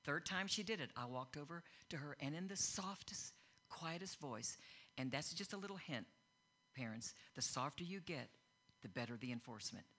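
A middle-aged woman preaches in a relaxed, story-driven way, laughing and slipping into the voices of people she quotes. Her tone is bright and forward. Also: low voice, moderate pace. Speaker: speaker teaching on faith. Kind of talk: informal sermon with personal stories.

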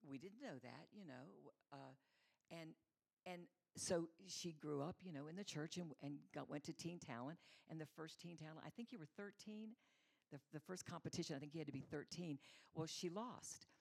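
A woman's voice: sits low, moderate pace, vocal fry, a little mellow, slightly rough. A middle-aged woman giving a conversational, storytelling sermon as a mother, acting out the voices she quotes. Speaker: church speaker, mother.

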